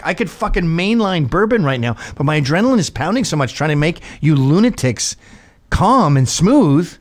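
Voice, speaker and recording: The host, a middle-aged man, recounts a story at normal speed in a relaxed comic chat. He's profane and energetic, now and then squealing in a high voice to impersonate someone.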